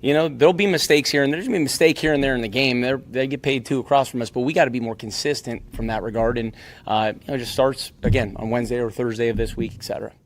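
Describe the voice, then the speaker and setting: A football offensive coordinator answers questions at a press conference, talking quickly at a middle pitch. He is steady and practical, and he leans on "you know" between thoughts. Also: a little hiss or hum.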